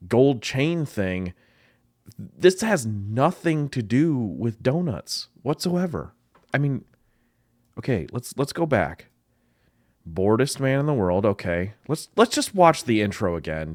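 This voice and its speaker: A man's voice: mid-range voice, no room sound, clean studio sound. A man, a marketing professor, giving blunt and exasperated commentary as he reacts to and grades a commercial. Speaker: marketing professor reviewing ads.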